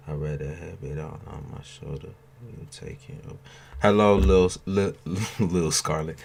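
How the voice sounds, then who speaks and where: A man hosting a late-night tarot live stream, chatting loosely with viewers by name, swearing freely and joking, sounding tired. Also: low-pitched.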